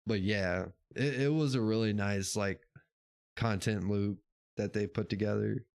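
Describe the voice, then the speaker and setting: A man's voice: on the low side, unhurried, vocal fry, a little mellow, dry recording. A man hosting a casual livestream show, chatting with his chat in a laid-back, rambling way, swearing now and then and laughing often. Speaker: podcast host reading live chat.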